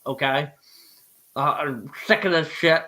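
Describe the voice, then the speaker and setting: A young Irish man hosting a live show, his voice bright and a touch high. He rambles in loose, casual chat, swearing freely and restarting his sentences often. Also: a little slow. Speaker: host.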